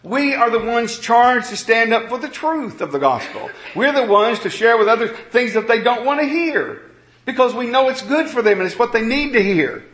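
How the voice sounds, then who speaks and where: A man preaching a sermon in an earnest, conversational way, moving between quiet reflection and emphatic points. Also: extremely high pitch, roomy sound.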